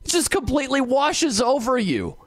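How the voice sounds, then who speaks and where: A man guest-hosting a sports talk radio show, giving an opinionated monologue and mimicking people in quick asides. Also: very high voice, big pitch swings, no echo, studio quality.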